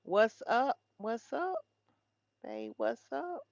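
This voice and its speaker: A woman's voice: fairly high pitch, huge pitch swings, very slow, vocal fry, darkish tone, no echo, muffled recording. A woman hosting a casual livestream, chatting with viewers and reading headlines aloud. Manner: chatty, talks straight to viewers. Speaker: livestream host.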